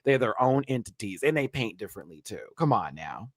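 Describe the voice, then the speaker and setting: A man's voice: medium pitch, sing-song, a little fast, hardly any pauses, dry recording. Sassy man hosting a live review. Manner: sassy, playful, talks to the viewers with slang. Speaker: host of a live review show. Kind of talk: animated commentary on a reality show.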